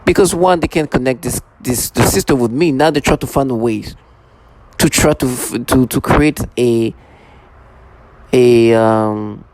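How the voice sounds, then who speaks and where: Gravelly man rambling in a halting monologue. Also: medium pitch, darkish tone, a little hiss or hum. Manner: halting, many restarts and repeated fillers. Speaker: vlogger.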